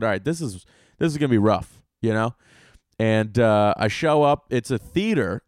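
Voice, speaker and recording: A young man hosting a solo podcast, telling rambling, profane comic stories with bursts of loud excitement. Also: medium pitch, no echo, clean studio sound. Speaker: podcast host and stand-up comedian.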